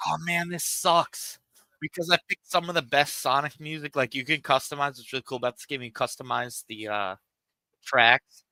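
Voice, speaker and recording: Over a cheap home microphone, a man rambles and swears easily while chatting during a game stream. He speaks at normal speed in a steady, medium-pitched voice that's pushed and bright, with a dry, rough recording.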